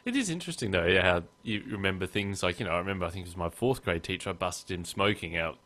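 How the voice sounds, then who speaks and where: A man with a fairly low voice hosts a laid-back podcast chat. He jokes easily and slips into playful voices when he reads things out. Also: fast. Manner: relaxed, joking, reads texts aloud in mock voices. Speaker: podcast host. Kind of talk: casual chat.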